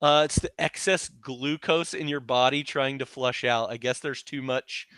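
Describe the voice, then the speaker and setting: A man with a bright, forward voice jokes and laughs easily in casual chat. The sound is close and dry, with no room around it. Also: medium pitch, steady tone, moderate pace, clear, resonant tone, no room sound. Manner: jokey, easy laughter. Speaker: podcast co-host.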